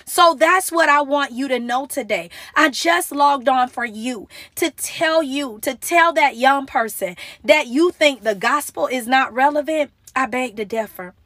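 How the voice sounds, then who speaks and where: A woman's voice: high-pitched, unhurried, hardly any pauses, a bit bright, no room sound, studio quality. A young woman giving an earnest, emotional devotional talk into her phone, pleading with her listeners. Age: young adult. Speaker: motivational Christian speaker.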